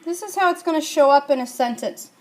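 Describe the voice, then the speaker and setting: A woman's voice: high-pitched, fairly quick, background noise. A woman teaching a Spanish grammar lesson, asking her class questions and answering them herself.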